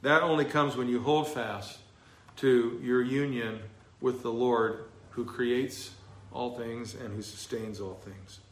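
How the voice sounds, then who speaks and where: A man's voice: mid-range voice, steady tone, slow pace. A pastor preaching an expository sermon in a conversational way, asking rhetorical questions of his congregation. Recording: echoey room.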